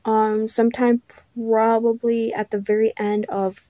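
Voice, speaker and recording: A woman's voice: fairly high pitch, flat delivery, unhurried, warm tone, dry recording. A young woman telling a casual storytime vlog, chatty and blunt, full of filler words. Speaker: vlogger.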